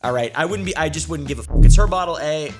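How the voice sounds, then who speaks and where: A man's voice: a little high, fast talker, over loud music. A young man hosting a comedic reaction video, reading posts aloud and ranting bluntly with lots of swearing and sarcasm. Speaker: online reaction video host.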